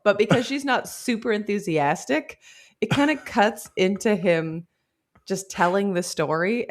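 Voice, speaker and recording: A woman co-hosting a casual book club chat, playfully acting out characters' lines as she talks. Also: mid-range voice. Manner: expressive, quotes characters in playful voices. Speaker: podcast co-host.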